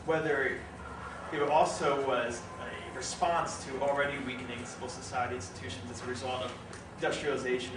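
A man in the audience poses a question in a hesitant, halting way. He sounds distant in an echoey room. Noise is clearly heard behind him. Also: medium pitch. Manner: hesitant, many pauses and fillers. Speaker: audience member asking a question. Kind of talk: question from the floor.

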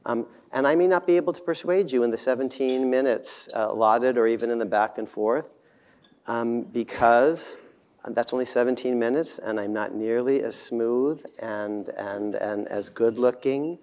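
Male debate speaker, halting delivery, wry self-deprecating humor, firm and dismissive. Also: mid-range voice, darkish tone. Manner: dismissive confident emphasis. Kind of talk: debate speech.

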